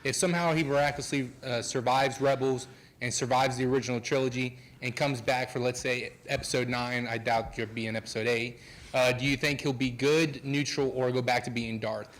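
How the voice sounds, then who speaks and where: A man in the audience asks the guest a long, careful question. His voice is of average pitch, and his manner stays polite throughout. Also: fairly even intonation, a little fast, fairly bright tone, low-quality recording. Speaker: fan asking a question.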